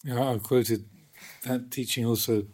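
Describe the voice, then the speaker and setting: A man, a Buddhist monk, telling stories in animated conversation with many restarts. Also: medium pitch, measured pace. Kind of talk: conversational storytelling.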